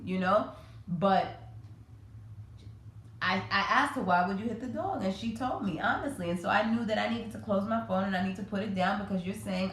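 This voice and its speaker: Lowish-voiced woman talking parenting, echoey room. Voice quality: conversational, many fillers and self-corrections. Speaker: parenting podcast host. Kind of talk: casual educational talk. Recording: echoey room with faint noise.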